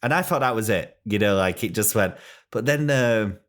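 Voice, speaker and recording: A man hosting a podcast, telling stories in a rambling, animated way with many restarts. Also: fairly low pitch, normal speed. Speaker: podcast host. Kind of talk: casual chat.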